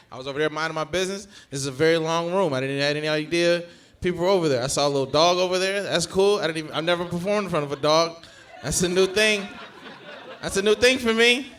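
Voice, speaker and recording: A young man does stand-up crowd work in a long comedy club, speaking into a handheld stage mic. His voice sits high for a man and cuts through with a bright, forceful edge. He keeps a loose, profane back-and-forth going with the audience. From Georgia, USA.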